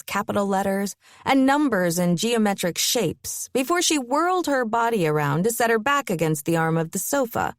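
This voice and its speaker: A woman narrates an audiobook from a script, reading expressively in a mid-range voice. The studio recording is clean, with no room sound.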